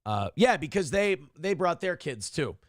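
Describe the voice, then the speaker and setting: This morning talk show host, a man in his forties, speaks unhurriedly in a voice on the high side. Casual and chatty, he spins rambling, profane stories with animated energy, captured in clean studio sound without echo.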